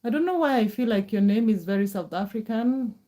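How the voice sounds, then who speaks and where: A woman's voice: on the high side, expressive, brisk, dark tone. Chatty middle-aged woman from Kenya. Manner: chatty, reassuring, repeats words. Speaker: live streamer. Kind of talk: casual live-stream chat reading comments.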